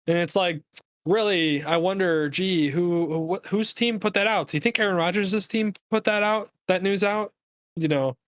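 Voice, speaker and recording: High-voiced man ranting about sports. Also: moderate pace, no echo. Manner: animated rambling rant with many fillers. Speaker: podcast co-host. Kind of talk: casual sports chat.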